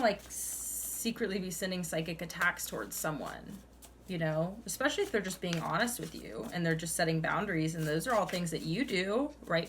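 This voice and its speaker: A woman's voice: mid-range voice, a bit bright, a little hiss or hum. A young woman giving a casual tarot reading, chatty and full of "like"s, laughing often and calling the listener "honey". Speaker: tarot reader.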